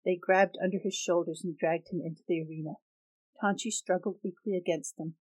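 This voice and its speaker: A woman reads a novel aloud in a steady, measured way. Her voice sits low, and the recording is dry and close. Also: no echo, low-quality recording. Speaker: narrator. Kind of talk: audiobook reading.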